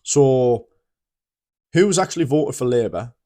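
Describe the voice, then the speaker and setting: A man's voice: mid-range voice, lively intonation, a little slow, mellow. British man, vlogger ranting straight to camera; loose, blunt and rambling, with lots of restarts. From Britain. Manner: blunt, swears freely. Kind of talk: casual opinion monologue.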